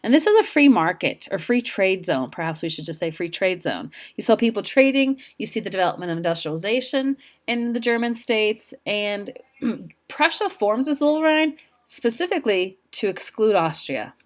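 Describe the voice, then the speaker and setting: A woman's voice: on the high side, animated, normal speed. Woman, history teacher, slide lecture, informal, chatty asides. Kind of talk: classroom lecture over slides.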